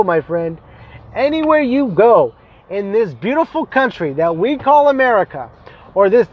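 A young man telling stories in a casual vlog, animated, profane and exasperated as he rants. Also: high voice, dull audio.

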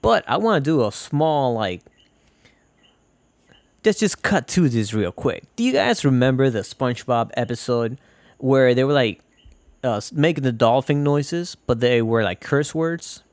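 A man's voice: mid-range voice, expressive, unhurried, no room sound. A man hosting a casual solo podcast, rambling from tangent to tangent, swearing and joking. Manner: rambling, profane, jokey. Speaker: podcast host.

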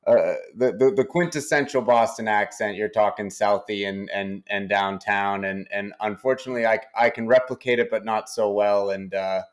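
Hombre de voz grave con acento de New Hampshire. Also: male voice, lowish voice, steady tone. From New Hampshire, United States. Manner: halting, repeats words often. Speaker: company CEO, guest. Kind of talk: interview.

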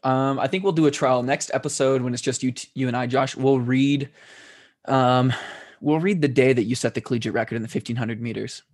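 Wry podcast host, dry joking. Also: male voice, mid-range voice, steady tone, a little fast, a little mellow. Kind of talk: casual podcast chat.

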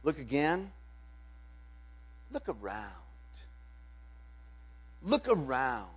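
A man preaching a Sunday sermon as pastor, swinging from loud declarations to hushed, drawn-out words. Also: mid-range voice, huge pitch swings, breathy edge. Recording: dull lo-fi with mains hum.

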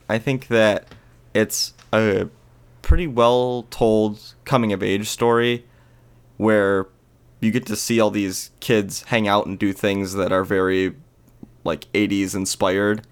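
A man's voice: fairly low pitch, unhurried, smooth. A man co-hosting a podcast, chatting in an easygoing way, hedging with "I mean" and "like". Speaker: podcast co-host. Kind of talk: casual chat.

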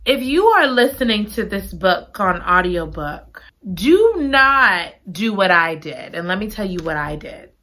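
A woman recapping a book in casual chat, gushing and giggly, repeating her excited exclamations. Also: mid-range voice, measured pace, few pauses. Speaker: book reviewer.

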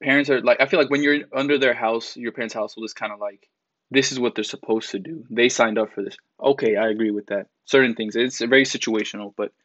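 Talking fast with fairly even intonation, a young man in his twenties vents in a casual commentary vlog, blunt and profane, leaning on fillers and mocking quotes. His mid-range voice is a bit bright. The recording has no room sound, with a dry, slightly dull mic.

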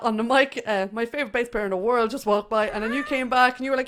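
A woman from Ireland with an Irish accent, hosting a casual chat and telling stories quickly with frequent laughter. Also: fairly high pitch, fairly even intonation, fairly bright tone, a little hiss or hum. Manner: chatty, laughing, quick storytelling. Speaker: host.

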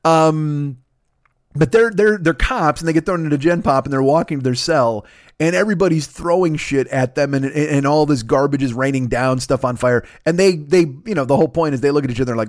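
A man's voice: medium pitch, a little fast, no room sound, clean studio sound. A man hosting a podcast, telling a rambling, profane, self-mocking story in casual chat, with bursts of laughter. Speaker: podcast host. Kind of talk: casual comedic monologue.

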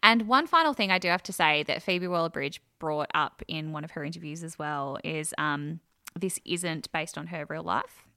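Bright animated woman co-host. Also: low-pitched, moderate pace, clear, resonant tone, dry recording, clean studio sound. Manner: animated, retells scenes acting out lines, laughs often. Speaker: podcast co-host. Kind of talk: casual chat reviewing a TV show.

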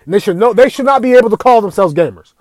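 A man's voice: sits high, lively intonation, rapid-fire, darkish tone, dry recording. A man delivering an angry, profane rant to camera, swearing constantly and raising his voice at times. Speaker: video ranter.

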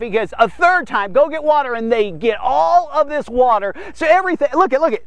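A man preaching a Bible story on a devotional podcast, excitable and animated, constantly checking in with "okay?". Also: very high voice, no echo.

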